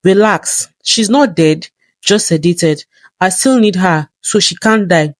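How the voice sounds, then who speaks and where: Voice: medium pitch, takes it slowly, dry recording, close to an everyday voice. A narrator reading a cold, menacing villainess. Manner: cold, threatening. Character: menacing villainous woman accomplice.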